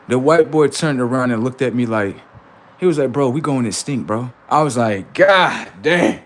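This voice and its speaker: A man hosting a livestream, preaching in a confrontational way with rhetorical questions and street slang. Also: lowish voice. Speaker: livestream host.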